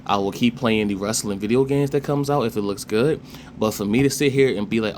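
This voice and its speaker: A man's voice: mid-range voice, normal speed, slight background noise. Impassioned young man ranting casually. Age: 20s. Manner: passionate, ranting, swears freely. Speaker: commentator. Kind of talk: casual opinion vlog.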